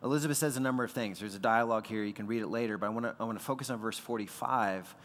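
A man's voice: fairly low pitch, rapid-fire, fairly bright tone, long reverb tail. A man preaching a sermon as pastor, in a conversational way that acts out the voices of the people he quotes.

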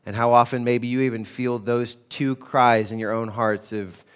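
A man's voice: medium pitch, fairly even intonation, clear, resonant tone. Man preaching in a conversational tone. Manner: conversational, emphatic, slows on quoted scripture. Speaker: pastor. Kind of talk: sermon teaching on a psalm.

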